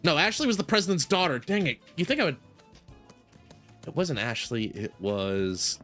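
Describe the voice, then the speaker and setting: Soft music plays behind this American streamer as he rambles through a shop simulator game, his talk packed with fillers. He speaks at a moderate pace in a sing-song, somewhat bright voice on the high side.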